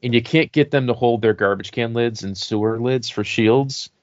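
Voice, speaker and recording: A male podcast co-host rambles casually and relaxedly about horror toys, his talk packed with fillers like "like." He speaks mid-range at a moderate pace, and the lo-fi recording has no room sound.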